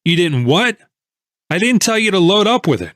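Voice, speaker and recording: A man reading an audiobook voices a furious male stock trader who shouts angry accusations. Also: high voice, sing-song, normal speed, dry recording, clean studio sound, voice pushed up.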